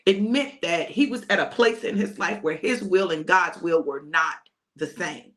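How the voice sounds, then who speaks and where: A woman preacher delivering a sermon, retelling a story with acted-out voices, dropping to hushed whispers and rising to pleading cries. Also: lowish voice, measured pace. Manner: dramatic storytelling, acts out the scenes.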